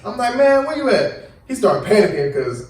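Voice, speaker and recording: A man's voice: high-pitched, moderate pace, far from the mic. A young man hosting a podcast, telling a story in casual chat and acting out what people said. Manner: animated storytelling, acts out quotes. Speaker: podcast host. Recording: echoey room, voice a bit off-mic.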